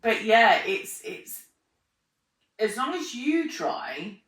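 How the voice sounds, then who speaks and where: A woman's voice: fairly high pitch, drawn-out words. Chatty woman in a roomy room. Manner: animated storyteller, acts out her own remarks, laughs often. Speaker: podcast host being interviewed. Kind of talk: casual conversational interview. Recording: roomy sound, mic at a distance.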